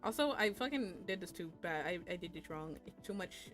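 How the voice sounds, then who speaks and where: A woman's voice: fairly low pitch, lively intonation, fairly quick, music in the background. A young adult woman streaming while she draws, chatting casually and crudely with viewers. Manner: chatty and crude, with frequent laughs and squeals. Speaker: VTuber streamer and artist. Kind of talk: casual live-stream chat while drawing.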